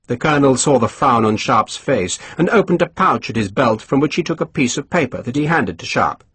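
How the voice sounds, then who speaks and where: A man narrating a historical adventure audiobook, moving his pitch around freely. His voice has a light huskiness. The recording is close and dry. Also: lively intonation, a little fast, hardly any pauses, a bit bright, husky, dry recording. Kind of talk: scripted narration.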